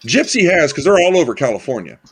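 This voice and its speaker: A man's voice: a little high, very animated, fast talker, breathy edge. A man hosting a casual group chat, rambling and enthusiastic with many restarts. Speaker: channel host.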